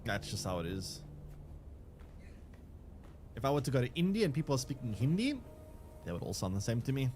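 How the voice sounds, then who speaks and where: A man's voice: mid-range voice, big pitch swings, fairly quick, long pauses, a little mellow, slight background noise. Rambling man streaming a game. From South Africa. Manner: rambling, answers chat while playing, many restarts and fillers. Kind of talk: casual game livestream chat.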